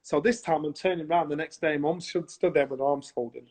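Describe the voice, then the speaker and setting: A man telling a childhood story over a video call, animated and acting out the voices of people in it. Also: a little high, a little fast. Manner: animated, acts out voices in his anecdotes. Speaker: guest. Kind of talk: casual storytelling in a conversation.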